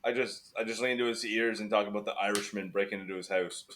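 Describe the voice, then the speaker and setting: A man's voice: lowish voice, fairly even intonation, quick pace, a loud crowd. A man in casual podcast chat, rambling and teasing his friends. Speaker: podcast guest.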